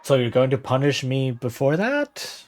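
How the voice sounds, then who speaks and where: A male streamer talks casually over his game, chatty and quick to laugh. His voice sits at an ordinary middle pitch. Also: big pitch swings, a little mellow.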